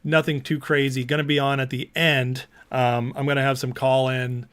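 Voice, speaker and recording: A man's voice: medium pitch, flat delivery, moderate pace, a bit bright, clear, resonant tone. A man hosting a casual livestream, chatting loosely and reading out viewer comments as he goes. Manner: chatty, reads out viewer comments and laughs along. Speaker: livestream host.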